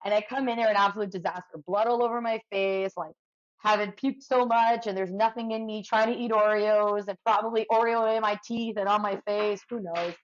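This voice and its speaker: A woman from Canada talks as a podcast guest, and her voice sits at an everyday middle pitch. She tells her story in a chatty, animated way and leans on "like" as a filler. The recording sounds a little dull and muffled. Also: fairly quick. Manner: chatty, lots of "like" fillers, vivid retelling. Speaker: podcast guest, firefighter and ultra runner.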